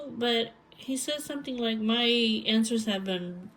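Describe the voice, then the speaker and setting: A woman's voice: a little high, a little hiss or hum, low-quality recording. Hesitant woman giving a tarot reading. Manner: halting, searching for words, many restarts; speaks lines as if voicing someone else. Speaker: tarot reader.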